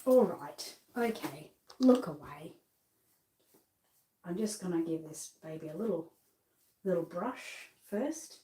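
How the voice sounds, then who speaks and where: A woman's voice: on the low side, lively intonation, takes it slowly, long pauses, warm tone. Bubbly chatty Australian woman, roomy sound. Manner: bubbly, chatty, laughs at herself. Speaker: doll seller and presenter. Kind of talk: chatty live sales showcase. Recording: roomy echo.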